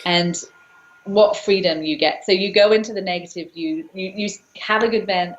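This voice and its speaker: A woman's voice: mid-range voice, measured pace, a little hiss or hum. A woman coach, a guest on the show, explaining her technique in an earnest, explanatory way with frequent restarts. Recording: roomy, dull lo-fi call audio.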